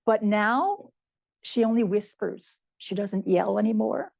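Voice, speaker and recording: Older woman, 70s, gravelly dark voice, heartfelt personal testimony, slightly muffled sound. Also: mid-range voice, moderate pace. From Canada. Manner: heartfelt, repeats words for emphasis. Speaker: conference speaker.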